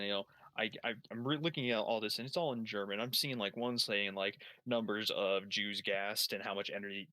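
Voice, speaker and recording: A man's voice: fairly low pitch, sharp tone, dry recording. A young man telling a long story while playing a game, rambling, swearing heavily and restarting his sentences. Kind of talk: casual profane storytelling while gaming.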